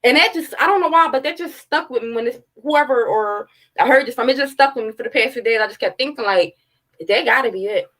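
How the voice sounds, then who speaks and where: A woman's voice: high-pitched, fast talker, hardly any pauses, fairly bright tone, poor audio. A woman, giving blunt, heated, profane commentary in a casual livestream. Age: 30s. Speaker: true-crime commentary host.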